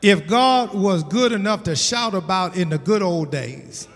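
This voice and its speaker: A man preaching a sermon as pastor of his church, emphatic and repeating his points, building to shouts. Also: sits high, animated, measured pace, big-room sound. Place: church sanctuary.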